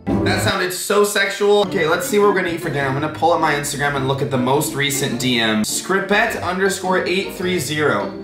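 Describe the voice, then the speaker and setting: A young man hosting a casual food challenge vlog, joking and hyper and quick to shout. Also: high voice, echoey room, over music. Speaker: YouTuber host.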